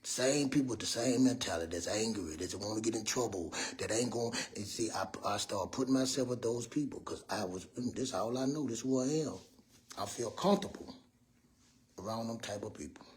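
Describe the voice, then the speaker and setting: A man in his fifties giving a rambling, preachy motivational talk as a mentor, loud and earnest. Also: fairly low pitch, brisk, slight background noise. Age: 50s. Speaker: mentor speaking to young people. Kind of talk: motivational monologue.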